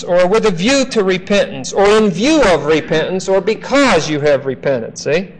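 A man teaching a classroom Bible lecture, slow and emphatic, often checking in with "okay?". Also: sits high, expressive, a little hiss or hum, poor audio.

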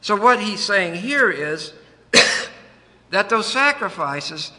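Male preacher, slightly high and very bright voice, emphatic teaching sermon with folksy humor, big echoing hall. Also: big pitch swings, slow pace. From United States. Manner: emphatic, folksy joking asides, stresses words. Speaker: preacher teaching a Bible verse. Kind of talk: sermon with word study. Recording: long reverb of a large hall.

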